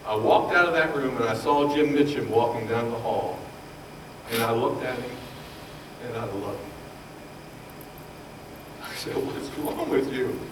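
A man preaching a sermon, telling his own story with passion, his voice rising loud and falling hushed. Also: mid-range voice, unhurried, long pauses, background noise. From Baltimore, Maryland. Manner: impassioned, swings from loud to hushed. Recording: roomy echo, voice from far off.

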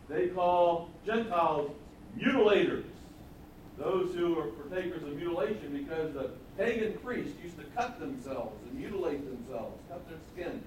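A male pastor teaching a sermon in a conversational way, asking the congregation questions and stressing repeated words loudly. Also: on the high side, recorded from a distance, a little hiss or hum. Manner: conversational Bible teaching, rising to emphatic repetition. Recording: echoey room, voice from off-mic.

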